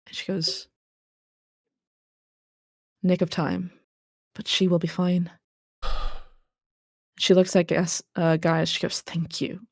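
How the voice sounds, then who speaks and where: A woman's voice: on the low side, gravelly, a little mellow, no echo, clean studio sound. A woman narrating a tabletop role-playing game as game master, describing scenes vividly and calling for dice checks.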